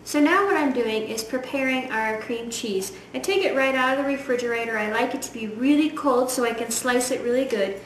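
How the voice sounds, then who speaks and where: Woman, upbeat cooking demo, fairly high voice, roomy kitchen sound, mic some distance off, sizzling in the background. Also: brisk, hardly any pauses. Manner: chatty and enthusiastic, with fillers. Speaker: home cook. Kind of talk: cooking demonstration. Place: home kitchen. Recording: echoey kitchen, voice from far off, loud frying noise.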